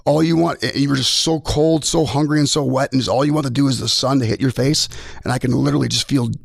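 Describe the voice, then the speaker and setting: A man, a military veteran, tells a personal story as a podcast guest, halting and restarting often as he speaks. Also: medium pitch, steady tone, gravelly, breathy edge, no room sound, studio quality. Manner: halting, with many restarts and repeated words. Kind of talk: emotional personal storytelling in conversation.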